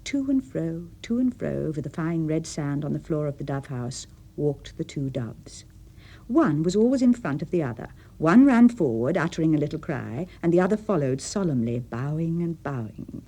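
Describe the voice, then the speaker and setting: Expressive English woman narrating a radio short story, low husky voice. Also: normal speed. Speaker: reader.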